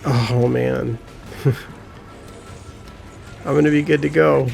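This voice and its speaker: An excitable man talks through his gameplay with a gravelly, fry-tinged voice. He laughs often and swears when the fight gets frustrating. Faint game music plays behind him. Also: mid-range voice, slow pace. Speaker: gaming commentator. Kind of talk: gameplay commentary.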